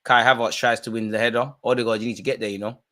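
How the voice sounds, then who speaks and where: A young man races through his live football watch-along, full of slang and excitement, lurching from loud outbursts to low mutters.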